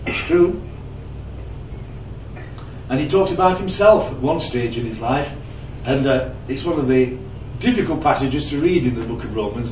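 Here a preacher talks through his sermon conversationally, asking questions and recounting anecdotes in a medium-pitched, slightly mellow voice with lively intonation at a moderate pace. A touch of hiss or hum sits under the dull, distant, roomy lo-fi recording, along with faint ambience.

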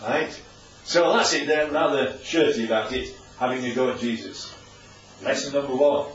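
A man's voice: medium pitch, normal speed, a little hiss or hum. A man teaching a Bible story to a group, chatty and often asking his listeners questions. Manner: chatty, asks the audience questions. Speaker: preacher. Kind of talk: informal Bible teaching with slides. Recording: distant, echoey, dull room recording.

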